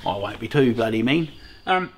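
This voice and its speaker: A man's voice: medium pitch, lively intonation, normal speed, slightly rough. A middle-aged Australian man hosting a casual beekeeping vlog, rambling along, swearing freely and laughing often. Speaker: beekeeper host.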